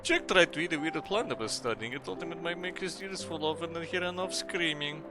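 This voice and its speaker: A man's voice: on the high side, fairly quick, over music, pitched above the performer's own voice, lightly acted. A man voicing a friendly beaver villager in a game, with a put-on Italian accent. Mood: chatty.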